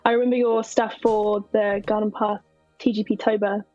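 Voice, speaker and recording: A woman chatting casually on a game dev live stream, telling stories in an animated way with quick laughs. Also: medium pitch, dry recording, muffled recording, faint music behind.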